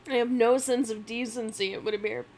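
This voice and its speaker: A woman's voice: a little high, steady tone, a little fast, a little mellow, slight background noise, low-quality recording. A woman streamer chatting casually with viewers between readings, her throat sore, laughing often and poking fun at herself. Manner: chatty, giggly, self-deprecating. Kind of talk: casual live-stream chat.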